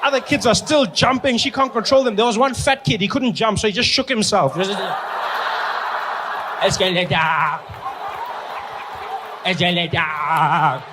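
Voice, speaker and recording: Male stand-up, high voice, animated storyteller, live venue with faint room noise. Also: a little fast, hardly any pauses. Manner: animated, acts out characters. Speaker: stand-up comedian. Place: comedy venue with a live audience.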